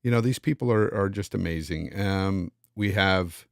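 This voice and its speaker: A man's voice: deep voice, normal speed, vocal fry, clean tone, dry recording, clean studio sound. A man hosting a casual live-stream podcast, reading out super chats and thanking viewers by name. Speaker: podcast host.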